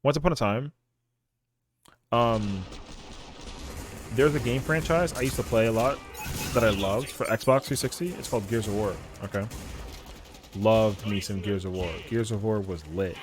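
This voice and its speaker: In this gaming stream, a man with a lowish voice speaks at normal speed with long pauses. He's animated as he tells a relaxed story full of slang and swearing, performing his friends' lines.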